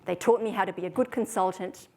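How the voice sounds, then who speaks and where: A woman, giving a prepared talk to an audience in a measured storytelling way. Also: medium pitch, a little mellow. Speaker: speaker.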